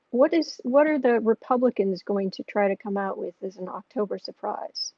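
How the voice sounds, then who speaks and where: Gravelly American woman livestream host. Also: medium pitch, lively intonation, normal speed, few pauses, no echo. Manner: rambling, reads out viewer questions; soft cooing baby talk to her cat. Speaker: astrology and tarot livestream host. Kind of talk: casual livestream chat. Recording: muffled lo-fi mic, dry room.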